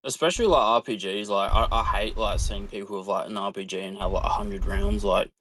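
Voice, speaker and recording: A relaxed Australian man calls in and chats casually, scattering 'like' through his talk. His voice sits a little low but has a bright edge. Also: brisk, a little hiss or hum, low-quality recording. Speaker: caller. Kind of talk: casual chat.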